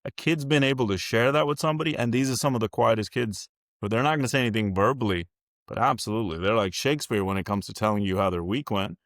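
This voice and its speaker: A plain-spoken man who leads a school district talks through an interview in a relaxed, folksy way. His voice sits fairly low, and he often slips into quoted back-and-forth exchanges. The sound is dry and close. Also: quick pace, dry recording. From California. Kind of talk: casual interview talk.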